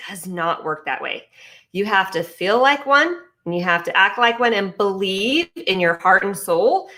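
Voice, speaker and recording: A woman's voice: medium pitch, a bit bright. A woman speaking as a business coach, giving an emphatic motivational talk with repeated phrases, restarts and fillers. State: talking with ice in her mouth briefly.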